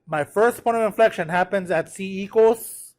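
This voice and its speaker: Tired math teacher guy, kinda high voice, keeps asking the class if they're ok. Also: moderate pace, darkish tone. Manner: checks in with students often. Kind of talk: live classroom lecture at a whiteboard.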